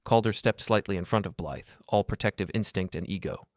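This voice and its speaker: A man narrating a first-person story in a calm, even, measured way. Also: lowish voice, no room sound, studio quality.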